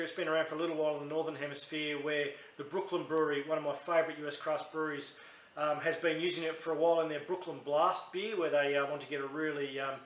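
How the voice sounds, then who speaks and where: A man's voice: fairly high pitch, fairly bright tone, reverberant. An Australian man reviewing a beer in a casual, chatty, rambling way, often correcting himself mid-sentence.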